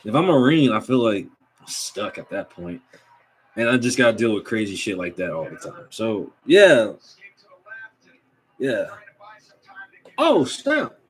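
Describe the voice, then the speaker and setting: A young man casually recapping a manga chapter, excitable and slangy, reading out the characters' lines as he goes. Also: lowish voice, normal speed, long pauses, poor audio.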